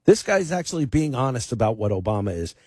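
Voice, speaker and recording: A male radio host with a somewhat husky voice delivers pointed political commentary. His speech is emphatic, with restarts and repeated words. The sound is close and dry. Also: mid-range voice, big pitch swings, fast, mellow, no echo. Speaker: fill-in radio talk host.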